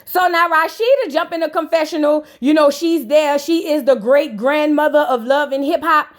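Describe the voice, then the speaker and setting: A woman's voice: high-pitched, moderate pace. A woman hosting a casual reality TV reaction video, sassy and gossipy, roasting the cast and calling the listener "girl". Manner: blunt roasting asides.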